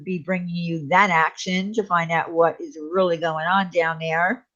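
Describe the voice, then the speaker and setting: A woman co-hosting a casual live chat show, talkative and quick to laugh, trailing off between thoughts. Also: lowish voice, fairly even intonation, fairly bright tone, lo-fi sound. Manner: chatty, laughs often, trails off. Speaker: livestream co-host.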